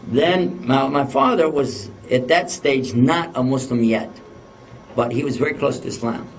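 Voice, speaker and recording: A man's voice: medium pitch, a little slow. A man telling a personal story in a casual way, often laughing as he talks. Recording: distant microphone.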